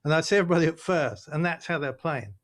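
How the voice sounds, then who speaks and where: Animated Englishman telling stories. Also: fairly high pitch, fast talker, noisy background. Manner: animated storytelling, acts out voices of others. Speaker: guest. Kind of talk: casual interview chat. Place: video call.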